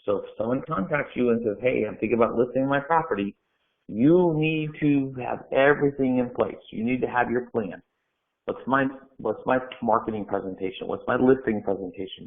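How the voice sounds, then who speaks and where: A man giving direct, coaching real estate training, firing off rhetorical questions. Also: mid-range voice. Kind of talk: instructional talk to camera. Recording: phone-like narrow sound.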